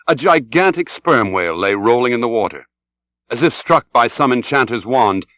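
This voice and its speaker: A man reading an audiobook as scripted narration, dramatic and expressive. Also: mid-range voice, no echo. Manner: dramatic, shouts out the sailors' cries.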